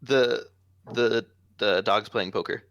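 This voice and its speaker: A man co-hosting a casual webcomic reading, quick and chatty. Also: fairly low pitch, steady tone, creaky, a bit bright. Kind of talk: casual chat.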